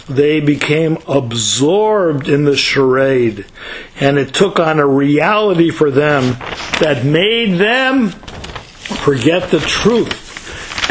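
A man giving a slow, measured Torah lecture that rises in emphasis. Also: a little high, poor audio. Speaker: Torah teacher.

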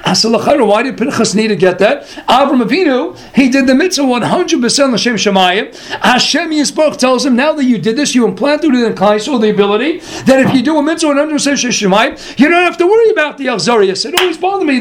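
Very high-pitched man teaching Torah. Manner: lively storyteller who acts out quotes. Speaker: rabbi teaching a Torah class. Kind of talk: animated Torah lecture.

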